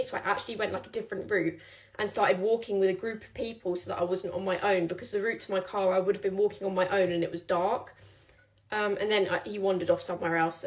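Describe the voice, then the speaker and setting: A young woman telling a personal story in a casual vlog, chatty and rambling with many fillers. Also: mid-range voice.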